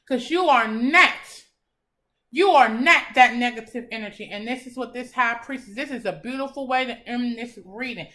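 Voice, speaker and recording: A woman's voice: sits high, normal speed, pushed and bright. A young woman giving a tarot reading in a casual, blunt and encouraging way, swearing freely. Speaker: tarot reader.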